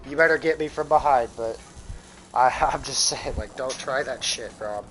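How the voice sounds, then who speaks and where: A man's voice: medium pitch, moderate pace, a bit bright, slight background noise, rough recording. Profane rambling American man streaming. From United States. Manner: rambling and profane, with frequent restarts. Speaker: live streamer. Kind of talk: casual gaming stream chat.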